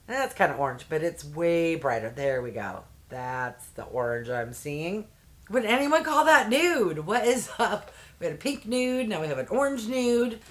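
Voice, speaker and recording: Woman, lowish voice, unhurried and candid; beauty box unboxing vlogger. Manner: candid, chatty, quick exclamations. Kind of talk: casual unboxing chat.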